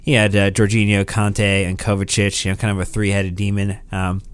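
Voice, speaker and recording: A man's voice: lowish voice, monotone, brisk, clear, resonant tone, dry recording. A man co-hosting a football podcast, chatting in a friendly, playful way. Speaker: podcast co-host. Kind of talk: casual podcast chat.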